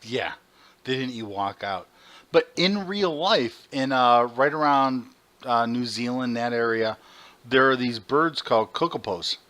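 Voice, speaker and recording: A man co-hosting a podcast, telling animated, profane stories in casual chat. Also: mid-range voice, a little slow. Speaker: podcast co-host.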